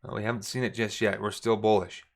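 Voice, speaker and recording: A man coaching viewers through forex charts on a screen share, relaxed and thinking aloud, often correcting himself mid-sentence. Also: lowish voice, fast talker.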